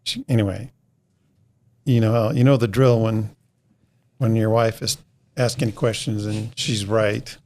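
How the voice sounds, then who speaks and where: A middle-aged man appears as a podcast guest, telling a long, rambling story in casual conversation and acting out what everyone said by quoting them. His voice is fairly low and a little mellow, with fairly even intonation, a measured pace and long pauses.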